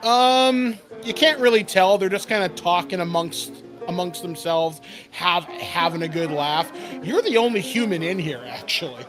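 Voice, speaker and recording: A man narrating a tabletop game as game master, relaxed and rambling, laughing often. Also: sits high, moderate pace, over music.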